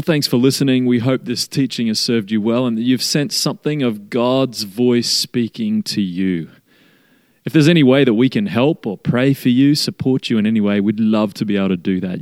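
A man reads a scripted sign-off in a low, calm voice. The recording is dry and close, with no room sound. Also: no room sound. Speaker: podcast outro announcer. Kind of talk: scripted outro.

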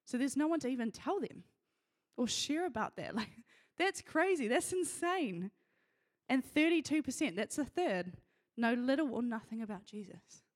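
A woman's voice: on the high side, lively intonation, normal speed. A woman giving an earnest, emotional sermon to a church, often laughing as she speaks.

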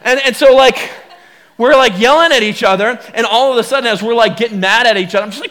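A man, a pastor, telling a personal story in a sermon, animated and full of fillers and repeats as he acts out the quotes. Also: extremely high pitch, fast talker.

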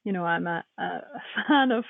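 A woman's voice: fairly low pitch, normal speed, gravelly, no echo. Woman on a tinny line. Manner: chatty, laughs often, animated quotes. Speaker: guest. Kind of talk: casual chat. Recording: tinny phone-like line, dry.

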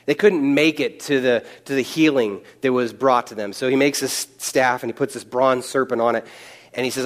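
A man's voice: medium pitch, steady tone, moderate pace. A young man preaching a sermon, conversational, with joking asides. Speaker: pastor.

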